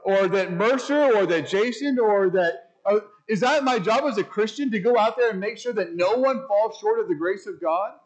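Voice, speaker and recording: A man preaching a sermon as pastor, speaking emphatically, asking rhetorical questions and slowing down to read scripture. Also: high-pitched. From United States.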